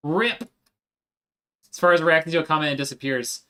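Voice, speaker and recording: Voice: mid-range voice, moderate pace, bright, forceful tone, smooth. A live streamer chatting casually with viewers while working, answering chat as they go.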